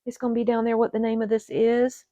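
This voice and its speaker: A woman hosting an orchid channel, chatting to her viewers in a gushing, excitable way while unboxing at a table indoors. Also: a little high, quick pace, no echo. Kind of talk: casual unboxing chat to viewers. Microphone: camera set on the table.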